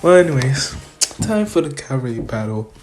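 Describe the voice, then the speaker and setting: A woman's voice: extremely low pitch, very animated, normal speed, noisy background. A woman telling a fan-made what-if story in a rambling, improvised way. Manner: rambling, with many fillers and restarts.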